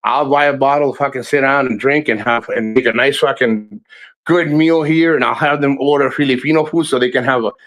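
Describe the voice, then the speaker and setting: Man, mid-pitched, casual livestream rant, profane and rambling, animated storyteller. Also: brisk. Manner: animated storyteller who acts out quotes.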